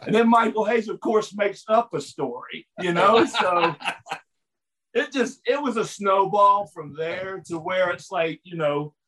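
A man's voice: high-pitched, measured pace, low-quality recording. A middle-aged man telling a story in a casual chat, laughing often and acting out the voices of the people in it. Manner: animated, laughs often, acts out voices in his stories. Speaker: podcast guest, former wrestler.

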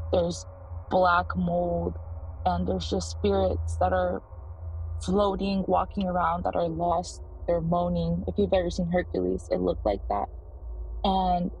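A woman in her thirties leaves a voicemail to tell her story in a husky, somewhat low voice. She speaks earnestly and haltingly, often breaking off and starting her sentences again. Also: darkish tone, low-quality recording. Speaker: voicemail caller. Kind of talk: first-person story.

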